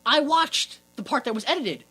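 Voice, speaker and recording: A man co-hosting a podcast, recapping a film in casual chat, animated and laughing often. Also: very high voice, moderate pace, slightly rough. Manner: animated, laughs often, acts out characters' lines. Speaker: podcast co-host.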